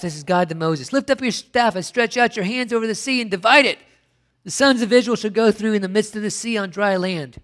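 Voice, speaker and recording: A man's voice: high-pitched, a little fast, fairly bright tone. A middle-aged man preaching a sermon, emphatic, firing rhetorical questions and often restarting his sentences. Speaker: pastor.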